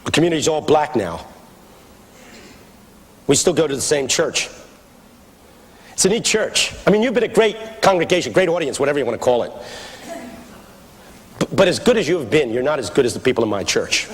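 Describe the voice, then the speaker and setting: Man, Philadelphia accent, high animated delivery, echoey hall, faint noise. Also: fairly quick, long pauses. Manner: animated, shouting refrains, audience laughter. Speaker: preacher. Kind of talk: comic storytelling sermon.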